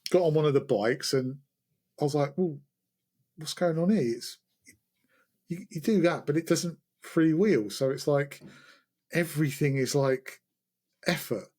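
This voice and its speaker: Man, podcast host, casual chat, self-mocking storyteller, fairly high voice. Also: a little slow, pauses often, dark tone.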